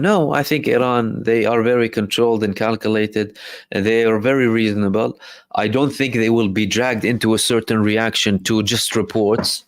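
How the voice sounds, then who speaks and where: A man's voice: lowish voice, steady tone, normal speed, no room sound. A man hosting a live stream, reading out viewer questions and answering them in a loose explanatory way, with frequent fillers and restarts. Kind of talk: casual live commentary reading chat questions.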